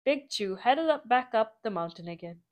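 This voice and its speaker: A woman reading a picture book aloud to children in an animated way, adding sound effects. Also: on the high side, normal speed. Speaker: storybook reader.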